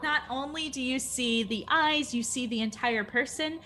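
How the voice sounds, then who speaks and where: A woman's voice: sits high, moderate pace, sharp tone, a little hiss or hum. A woman running a tabletop game as game master, describing scenes in a storytelling manner.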